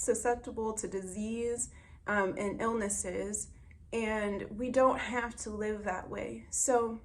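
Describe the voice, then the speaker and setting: A young woman speaks to her viewers in an earnest, gentle way, sharing a simple breathing practice. Her talk is casual and heartfelt, like a wellness vlog. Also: mid-range voice. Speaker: wellness vlogger.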